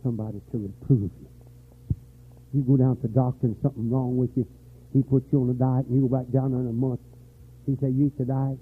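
An older man preaching a revival sermon, dropping to weary low talk and rising to shouted, high-pitched fervor. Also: little pitch movement, fast talker, pauses often, slightly rough. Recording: tinny lo-fi church recording.

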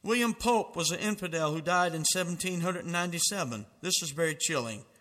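Male preacher, emphatic sermon delivery, bright tone, long reverb. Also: on the high side, fairly quick. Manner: fervent, emphatic preaching with dramatic quotations.

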